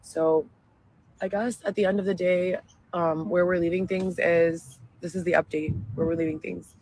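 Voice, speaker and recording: A woman's voice: on the low side, flat delivery, moderate pace, darkish tone, slight background noise, rough recording. A woman talking in a wandering, emotional and self-righteous way, in a clip played back. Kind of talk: rambling monologue. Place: outdoors, living in a tent.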